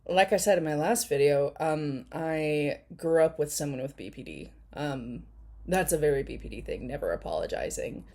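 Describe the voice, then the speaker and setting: A woman with a low voice talks through a video in loose, rambling commentary. She laughs often and fills her pauses with ums, keeping the tone casual and chatty. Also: expressive, dark tone. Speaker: commentary YouTuber.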